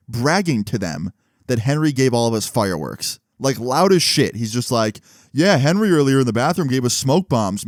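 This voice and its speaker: A man's voice: mid-range voice, dry recording, clean studio sound. A man telling a story in a casual, rambling way, full of filler words. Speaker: vlogger.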